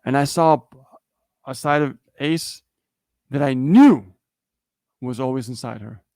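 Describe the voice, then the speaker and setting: A man's voice: mid-range voice, slow pace, a little mellow, no room sound, clean studio sound. A man co-hosting a livestream, telling a story in a casual motivational way and often checking in with "okay?" and "right?". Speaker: livestream co-host.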